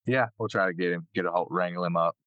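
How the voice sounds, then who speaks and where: A man's voice: sits low, quick pace, no echo, narrow, tinny audio. A man with a country accent hosting a podcast, easygoing and laid-back. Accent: American country. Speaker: podcast host. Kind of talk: casual chat.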